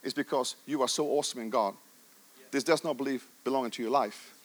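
A man's voice: medium pitch, a little fast. A middle-aged man preaching a sermon with passion, stressing his points and repeating phrases for emphasis.

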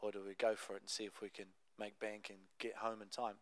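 A young adult man preaching a sermon, telling a Bible story in a conversational, animated way with casual asides. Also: lowish voice, fast, no room sound. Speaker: pastor.

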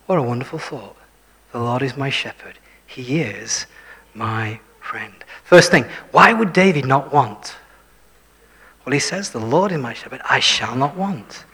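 Man preaching, husky voice, long hall echo, hushed asides, asks the congregation questions. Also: medium pitch, animated, unhurried. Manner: shifts between full voice and hushed whispers for emphasis; self-deprecating, asks the listeners questions. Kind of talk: sermon.

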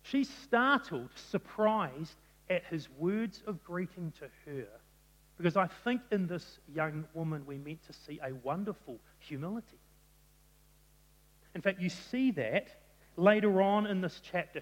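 Preacher in a reverberant hall. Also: male voice, a little high. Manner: animated storytelling, acting out quotes. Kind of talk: sermon. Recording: long reverb of a large hall.

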